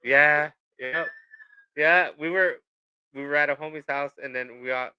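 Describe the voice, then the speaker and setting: A man's voice: a little high, fairly even intonation, unhurried, smooth, lo-fi sound. A man hosting a podcast in loose, casual chat, swearing and laughing through a story. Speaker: podcast host.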